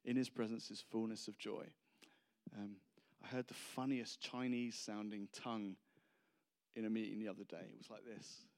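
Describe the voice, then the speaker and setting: A man's voice: lowish voice, little pitch movement, normal speed, vocal fry, darkish tone. A man preaching a casual, humorous sermon, rambling and self-deprecating between anecdotes.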